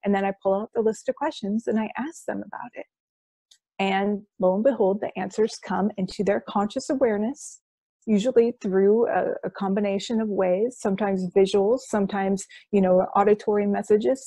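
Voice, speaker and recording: A woman practitioner describes her hypnosis sessions in an eager, flowing interview manner. Her voice is warm and mellow, recorded close and dry with no room sound. She tends to list things off in quick succession. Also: mid-range voice, no room sound. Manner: enthusiastic, explanatory, lists things in quick runs. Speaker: quantum healing hypnosis practitioner. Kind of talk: conversational interview.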